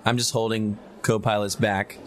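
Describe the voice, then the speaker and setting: A man's voice: lowish voice, level tone, normal speed. A man playing a tabletop role-playing game in casual chat, joking and cursing freely. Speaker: player.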